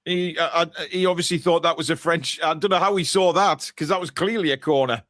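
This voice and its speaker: Fairly high-pitched and a bit bright, this man's voice moves at a fairly quick pace as he co-hosts a live football watchalong. His play-by-play is chatty and full of jokey asides, and the clean studio sound has no echo.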